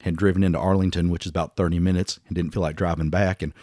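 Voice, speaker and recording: Fast-talking deep-voiced Southern man in his fifties. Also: flat delivery, dark tone, no room sound, clean studio sound. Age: 50s. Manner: blunt, swears freely, self-mocking. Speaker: podcast co-host. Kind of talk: casual chat.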